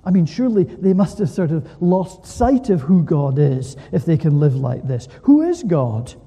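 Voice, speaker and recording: A man preaching a sermon in an animated way, full of rhetorical questions, in a church. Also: fairly high pitch, moderate pace, breathy edge, big-room sound.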